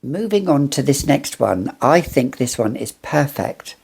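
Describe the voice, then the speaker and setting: Slow, very deep-voiced British woman. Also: big pitch swings, vocal fry, a little mellow, husky. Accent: British English. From United Kingdom. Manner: gushing, enthusiastic, rambling with restarts. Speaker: fragrance reviewer. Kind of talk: casual review vlog.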